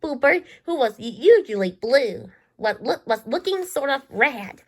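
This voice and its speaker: A woman's voice: sits high, big pitch swings, unhurried. A woman reading a children's storybook aloud, often stopping to restart and repeat words. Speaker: storybook reader.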